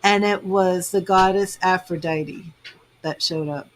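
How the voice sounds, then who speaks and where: A woman's voice: lowish voice, fairly even intonation, a little slow, a little hiss or hum, low-quality recording. A woman reading tarot on a live stream, chatting with viewers in an emotional, rambling way with lots of fillers, tearful at times. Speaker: tarot reader and psychic medium.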